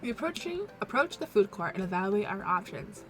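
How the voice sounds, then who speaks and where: A woman's voice: medium pitch, big pitch swings, brisk, over music. A woman hosting a let's play, reading a visual novel aloud in a casual, wry tone.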